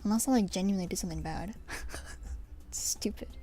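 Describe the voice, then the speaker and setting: A woman's voice: mid-range voice, normal speed, dark tone, faint music behind. A young woman streaming herself painting her nails, chatting with viewers in a rambling, self-deprecating way. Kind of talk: casual chat while painting nails on stream.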